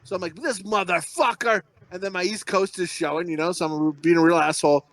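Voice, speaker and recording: A man's voice: on the high side, steady tone, fast, no echo. A middle-aged man and podcast co-host telling rambling, profane, self-mocking stories in casual chat. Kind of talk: casual storytelling.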